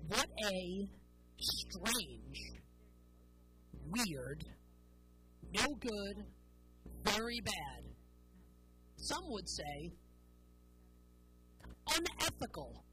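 A woman's voice: mid-range voice, rough recording. A woman hosting a sports talk show, delivering an opinionated, sarcastic monologue with emphatic stresses.

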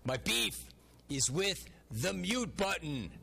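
A male talk radio host with a slightly high, bright, forceful voice. He rants through his own stories and listeners' complaints and plays every part in his anecdotes. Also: very animated, slow, vocal fry, breathy edge. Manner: ranting storyteller, acts out dialogue.

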